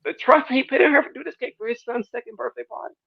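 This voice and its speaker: A man sharing a casual church testimony, animated and repetitive, acting out his talks with God. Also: very high-pitched, fast, gravelly. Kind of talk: casual church panel discussion. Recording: dull lo-fi dry sound.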